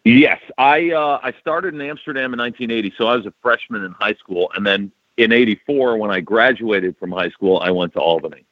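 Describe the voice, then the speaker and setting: A man in his fifties from New York, a broadcaster telling stories as a guest in a casual interview, laughing often and jumping in pitch when quoting himself. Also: a little fast, few pauses, dry recording. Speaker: radio and wrestling broadcaster, guest. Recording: slightly dull, dry podcast audio.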